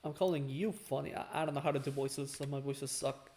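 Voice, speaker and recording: A man chatting casually with a friend, relaxed and joking, and modest about his own voice acting. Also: mid-range voice, a little fast. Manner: relaxed, joking, self-deprecating. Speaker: friend in conversation. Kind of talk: casual chat.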